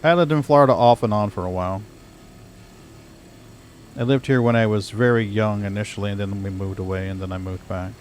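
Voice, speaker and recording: A man's voice: fairly low pitch, fairly quick, long pauses, slight background noise. An American man chatting casually while playing a game, easygoing and rambling. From United States. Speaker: streamer. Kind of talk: casual gaming chat.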